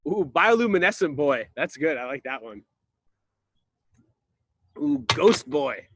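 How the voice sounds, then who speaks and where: A man's voice: fairly high pitch, sing-song, measured pace, background noise. A man playing Greg, a goofy drywall installer, rambling and confused through an improvised comic slideshow on a video call. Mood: puzzled. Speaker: presenter in a slideshow game.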